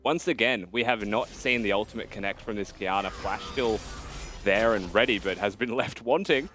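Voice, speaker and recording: A man's voice: lowish voice, normal speed, fairly bright tone, faint music behind. Man analyzing esports plays. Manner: analytical, conversational breakdown of plays. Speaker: esports caster. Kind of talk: esports commentary.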